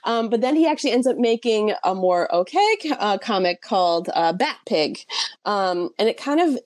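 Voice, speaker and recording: A chatty young woman talks through a book she loved, animated and full of fillers and little self-mocking jokes. Her voice sits mid-range and sounds close and dry, with no room around it. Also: medium pitch, normal speed, no echo. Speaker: podcast co-host reviewing books. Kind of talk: casual chat.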